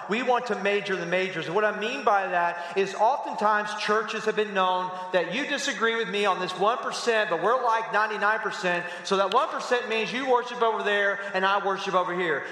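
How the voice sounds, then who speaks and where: A man preaching a sermon as pastor, telling stories with animated asides to the congregation. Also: high-pitched, fairly quick, few pauses. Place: church sanctuary. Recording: echoey hall with long reverb.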